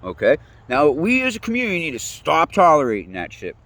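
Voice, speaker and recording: A man's voice: fairly high pitch, fairly quick, dry recording. A man, ranting casually, rambling and swearing often. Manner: profane, rambling, animated, laughs often. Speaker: interviewee. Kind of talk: casual rant.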